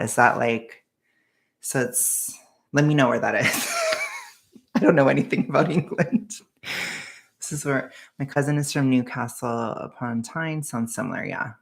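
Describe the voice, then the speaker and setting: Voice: mid-range voice, gravelly, a bit bright. A young streamer giving casual reaction commentary, chatty and self-deprecating, often giggling.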